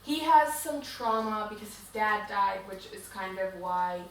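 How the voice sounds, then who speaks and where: A woman's voice: medium pitch, expressive, unhurried. Woman podcast co-host, rambling chatty recap, very roomy echo, distant mic. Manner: chatty, rambling storytelling full of "like". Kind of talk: casual chat recapping a book. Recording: very echoey room, distant mic, faint hiss.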